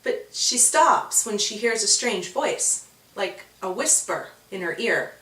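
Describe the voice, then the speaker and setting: Brief: woman storyteller, high and lively, echoey room, distant mic. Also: slow pace. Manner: expressive, animated storytelling. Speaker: author and storyteller. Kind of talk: storybook narration for children.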